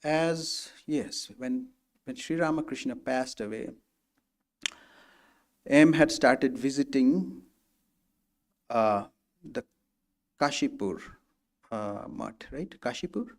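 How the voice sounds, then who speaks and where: A man speaking as a guest lecturer, at a pitch in the middle for a man. His talk is loose and conversational, with frequent false starts, and he briefly acts out the people in his stories. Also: takes it slowly, long pauses. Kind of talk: spiritual lecture, storytelling.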